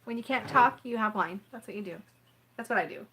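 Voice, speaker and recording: Rambling woman live-streaming, fairly high voice. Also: a little fast, pushed and bright, slight background noise. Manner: rambling and apologetic, keeps clearing her throat; chats with viewers in the live chat. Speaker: tarot reader hosting a live stream. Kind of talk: casual live-stream chat.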